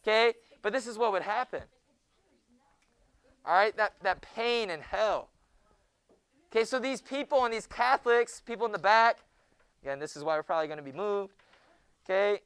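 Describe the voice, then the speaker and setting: A young man teaching a junior high Bible class in a classroom, joking with the students and often hushing them. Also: lively intonation, moderate pace, long pauses, smooth, dry recording. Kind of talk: classroom lecture.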